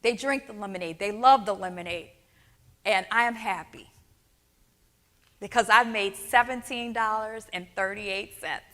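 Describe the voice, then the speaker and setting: A woman from New Orleans giving a keynote talk as a dental practice coach. She tells an energetic story and keeps checking in with the audience with "right?" and "okay?". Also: mid-range voice, measured pace, pauses often. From New Orleans, USA. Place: large hall on stage. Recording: long hall reverb.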